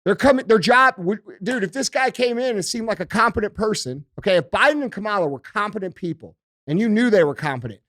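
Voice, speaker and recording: A man's voice: high voice, animated, quick pace, fairly bright tone, no echo, studio quality. A man hosting a podcast, ranting emphatically and heatedly with heavy profanity. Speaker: podcast host. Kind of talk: casual podcast rant.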